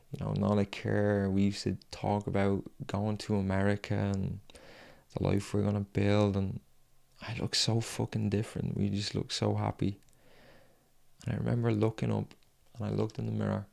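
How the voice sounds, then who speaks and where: A young man telling a painful personal story in a raw, frank way, swearing often and pausing with sighs. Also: lowish voice, vocal fry, darkish tone. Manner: halting, with long pauses and sighs. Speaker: fitness vlogger.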